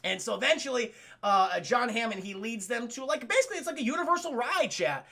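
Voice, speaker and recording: A man streaming a casual film recap to his live chat, excitable and swearing freely as he talks straight to the viewers. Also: extremely high pitch, brisk, vocal fry.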